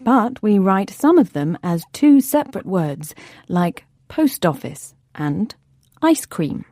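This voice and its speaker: A young woman co-hosts an English vocabulary lesson in a friendly, explanatory way. Her voice is mellow, with intonation that moves up and down freely, recorded dry and close. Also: mid-range voice, sing-song, slow pace, no room sound. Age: young adult. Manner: friendly, explanatory, light laughs. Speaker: co-presenter of an English vocabulary programme. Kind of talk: scripted teaching dialogue.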